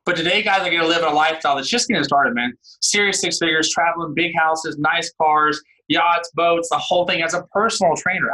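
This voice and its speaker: A man in his thirties giving a fired-up motivational pep talk on a team call, shouting often and calling the listeners "guys" and "man". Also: a little high, quick pace, hardly any pauses, low-quality recording. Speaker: guest speaker on a team call.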